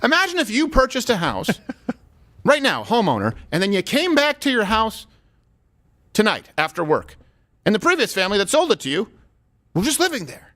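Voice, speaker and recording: A man hosting a talk show, giving opinionated comedic commentary in a sarcastic, animated way that slips into acted-out dialogue. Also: high voice, normal speed, pauses often.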